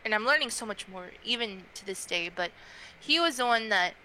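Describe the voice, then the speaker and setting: A woman's voice: on the high side, a little fast, slight background noise, rough recording. A young woman being interviewed as a tarot reader, talking casually with lots of fillers. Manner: chatty, frequent fillers, animated quoting.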